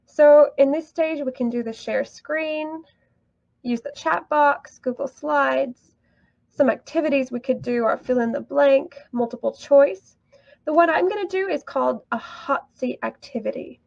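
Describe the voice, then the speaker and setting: High, gravelly-edged woman teacher, upbeat and encouraging, dry dull recording. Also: measured pace, a little mellow, no room sound. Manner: upbeat, encouraging, laughs often. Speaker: English teacher. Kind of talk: online teaching tutorial.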